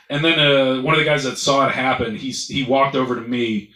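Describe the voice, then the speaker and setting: A man's voice: medium pitch, a little slow, a bit bright, reverberant, low-quality recording. A man doing stand-up, telling a rambling, profane story and laughing at his own jokes. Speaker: stand-up comedian.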